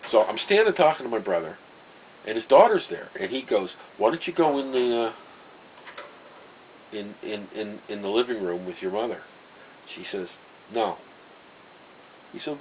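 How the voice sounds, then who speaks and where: Middle-aged man, low voice, rambling storyteller who laughs at himself, faint hiss under the recording. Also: big pitch swings, normal speed, long pauses, a little mellow, rough recording. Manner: rambling, self-interrupting, chuckling at his own stories. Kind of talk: casual storytelling monologue.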